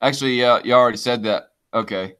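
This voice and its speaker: A man's voice: medium pitch, fast, fairly bright tone, smooth. A man hosting a casual podcast, reading chat comments aloud and talking in a hesitant way with many fillers and restarts.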